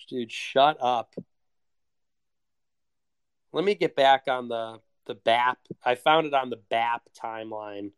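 A man's voice: medium pitch, slow, long pauses, fairly bright tone, clean tone. A man delivering a heated, sarcastic, profane rant as a solo monologue. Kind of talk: ranting monologue.

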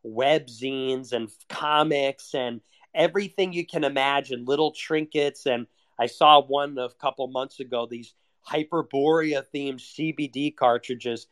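A man's voice: medium pitch, measured pace, fairly bright tone. A man delivering a heated, sarcastic, profane rant as a solo monologue. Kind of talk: ranting monologue.

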